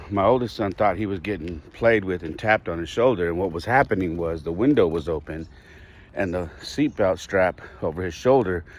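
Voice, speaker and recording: A man hosting a podcast, telling a personal story candidly and reflectively, with restarts and the odd sigh. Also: sits low. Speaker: podcast host.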